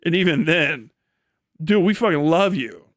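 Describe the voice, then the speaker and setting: A man's voice: on the high side, expressive, a little slow, no echo, clean studio sound. A man from Ohio ranting in a heated, profane, laughing style on a casual live stream. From Ohio, USA.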